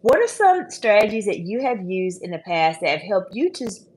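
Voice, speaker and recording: A woman in her forties who coaches women leaders, giving advice to the camera in a measured, emphatic, repetitive way. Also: mid-range voice, big pitch swings, a little mellow, a little hiss or hum. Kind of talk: advice video talking to the camera.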